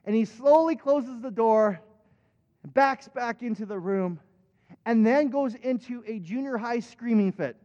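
High-voiced preacher man getting fired up, dull muffled recording, big echoey church. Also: measured pace, warm tone. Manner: impassioned, rising to emphatic peaks. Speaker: pastor. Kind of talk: sermon. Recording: dull recording with long hall reverb.

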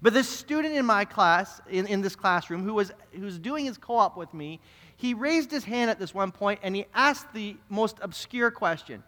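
A young man preaches from a church stage, telling a story in his sermon. His voice sits high and sounds bright and forceful, earnest and animated, often doubling back on his words. The sound carries a long reverb from the church hall. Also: moderate pace. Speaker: pastor. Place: church sanctuary.

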